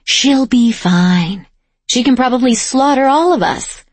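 A man's voice: very high-pitched, expressive, a little slow, no room sound, pitched above the performer's own voice, full character voice. A woman voicing a scornful, crude young nobleman who sneers and barks orders, in an audiobook. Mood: dismissive.

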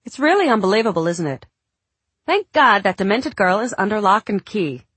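Woman doing a pushy gossipy neighbor lady, loud and gushing, storybook read. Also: medium pitch, expressive, normal speed, slightly rough, dry recording, pitched above the performer's own voice.

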